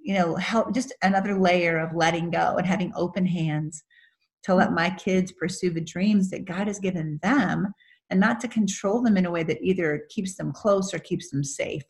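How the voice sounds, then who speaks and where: A woman's voice: fairly low pitch, normal speed. A middle-aged woman author telling stories earnestly in a faith-based interview. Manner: earnest storyteller, laughs through her story. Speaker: author guest.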